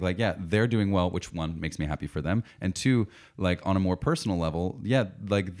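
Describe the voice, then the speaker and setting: A man in relaxed conversation, talking things through reflectively with many fillers. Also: sits low. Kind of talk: casual chat.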